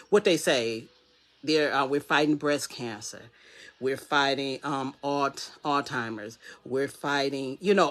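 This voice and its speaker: Pushed and bright at a medium pitch, this voice belongs to a wellness coach delivering a conversational live motivational talk. Key phrases get repeated for emphasis, and the inner voices and quoted dialogue being described are acted out.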